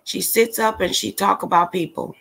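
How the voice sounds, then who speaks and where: A woman's voice: medium pitch, fairly even intonation, moderate pace, creaky, a bit bright, breathy edge. A woman hosting a casual livestream, ranting bluntly and with exasperation straight to her viewers. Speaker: livestream commentator.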